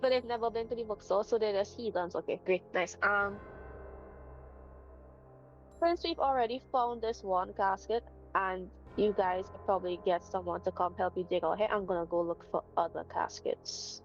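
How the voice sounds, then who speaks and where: A woman playing a tabletop game, talking quickly and insistently, partly in character. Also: mid-range voice, muffled recording, soft background music. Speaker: player. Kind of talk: casual tabletop game chat.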